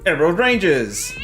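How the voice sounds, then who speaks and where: A man, casually chatting and chuckling while fixing his stream setup. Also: high-pitched. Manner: laid-back, chuckling, muttering while fixing tech. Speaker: streamer hosting a game stream.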